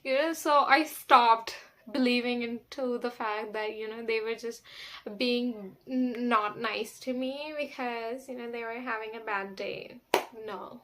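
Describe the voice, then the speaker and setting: A woman's voice: fairly high pitch, fairly even intonation, unhurried, a crowd in the background. A young woman talking to camera in a casual vlog, sassy and candid, swearing freely and filling her talk with "like" and "you know.". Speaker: vlogger.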